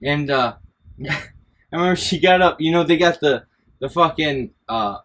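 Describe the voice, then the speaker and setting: A man's voice: fairly high pitch, expressive, normal speed, fairly bright tone. Laughing, swearing man telling school stories. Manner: rambling, profane, laughs often. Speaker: podcast host. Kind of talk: casual storytelling chat.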